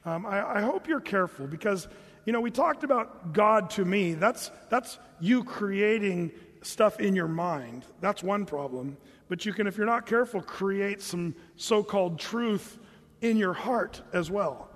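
A man's voice: sits high, expressive, a little slow, long reverb tail. A man preaching a sermon as pastor, conversational, now and then mimicking his listeners.

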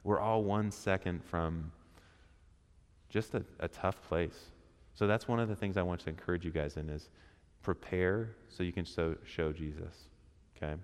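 A man preaches to a men's church gathering in a very low voice. He keeps it conversational, throwing questions to the room and acting out little quotes. His words ring out with a long hall reverb. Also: steady tone, moderate pace. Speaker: speaker at a men's church group. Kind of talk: interactive sermon with questions to the audience.

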